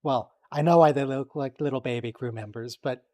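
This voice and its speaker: A man's voice: medium pitch, darkish tone. Joking man hosting a watch-along. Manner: joking, quick to react and tease. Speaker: stream host. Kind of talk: casual watch-along chat.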